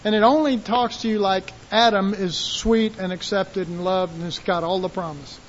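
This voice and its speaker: Male preacher, very high voice, animated sermon delivery, dull hissy tape. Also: moderate pace. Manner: animated, acts out voices of God and listeners.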